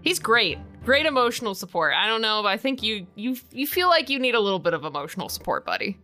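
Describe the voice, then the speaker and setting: A woman playing a tabletop game, excitable and profane, laughing often. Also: on the high side, quick pace, soft background music. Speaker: player. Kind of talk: casual tabletop play.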